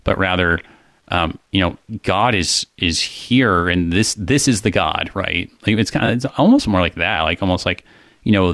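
Casual co-host, male, deep voice, dry close sound, thinks aloud with frequent fillers. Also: moderate pace, a bit bright, dry recording. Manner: thoughtful, many fillers and restarts. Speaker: co-host discussing a psalm. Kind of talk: casual theological discussion.

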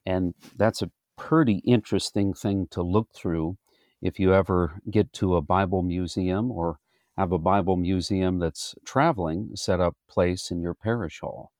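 Slow, deliberate pastor teaching. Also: male voice, low voice, fairly even intonation, a little mellow, no room sound, studio quality. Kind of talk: Bible study teaching.

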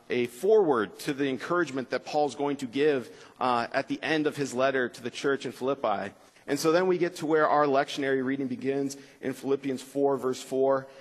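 Man teaching Bible class in echoing gym. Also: mid-range voice. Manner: relaxed, frequent uh fillers, slows for scripture reading. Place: school gym with bleachers. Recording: long reverb of a gym.

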